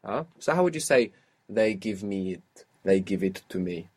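A man's voice: on the low side, animated, normal speed, a little mellow, slightly rough. Patient man teaching a language lesson. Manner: patient, prompting the student step by step.

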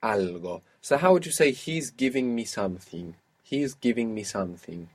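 A man's voice: mid-range voice, expressive, moderate pace, darkish tone. A man teaching an audio language lesson, patiently prompting his student step by step.

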